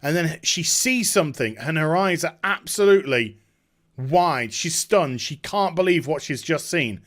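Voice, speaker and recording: A man's voice: fairly high pitch, lively intonation, measured pace, fairly bright tone. A man giving a sarcastic comedic recap, mimicking the characters as he retells the scenes. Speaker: video reviewer.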